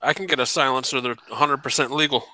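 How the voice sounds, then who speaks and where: A man's voice: mid-range voice, fairly even intonation, fast, bright, forceful tone, no echo, low-quality recording. A man chatting casually, blunt and profane in his questions and replies. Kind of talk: casual chat.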